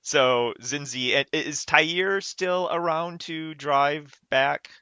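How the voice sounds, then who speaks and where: A man's voice: fairly high pitch, slow, sharp tone, clear, resonant tone, no room sound, highs cut off. A man playing a tabletop game who thinks aloud and checks the rules as he goes. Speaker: player. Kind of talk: casual tabletop play.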